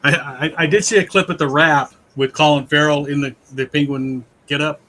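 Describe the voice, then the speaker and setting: A man co-hosts a livestream, his voice bright and forward. He talks in a relaxed way and reads viewer comments aloud. A faint hiss of noise sits under his voice. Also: fairly high pitch, moderate pace, rough recording. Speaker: co-host reading chat. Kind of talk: casual chat on a livestream.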